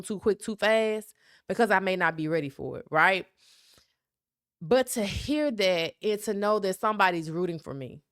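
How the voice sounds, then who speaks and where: A young woman from South Memphis, USA, runs a solo podcast, speaking with a Southern accent in a candid, emphatic style and frequently asking "right?" Her medium-pitched voice has a fairly bright tone, captured in clean studio sound without echo.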